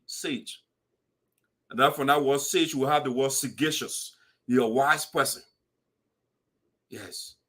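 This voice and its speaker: A man with a high-pitched voice speaks in a passionate monologue. He scolds with rhetorical questions and quotes scripture, in the manner of a preacher addressing his community. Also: a bit bright. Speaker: diaspora community commentator. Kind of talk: impassioned commentary monologue.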